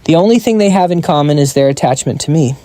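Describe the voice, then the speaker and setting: A man voicing a calm young male hero who speaks in a calm, puzzled way. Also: on the high side, fast talker, no room sound, studio quality, close to an everyday voice.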